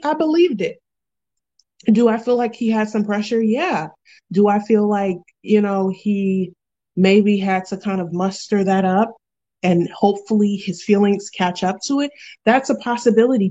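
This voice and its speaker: A woman hosting a casual reality TV recap, animated and slangy, laughing often. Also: medium pitch, muffled recording. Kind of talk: casual chat.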